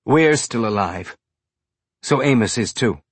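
A man voicing a steady male captain who speaks in a low, careful, reassuring way. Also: unhurried, breathy edge, no echo.

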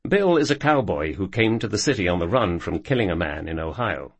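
A man narrating a scripted story with measured storytelling delivery. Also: lowish voice, slightly rough, no echo.

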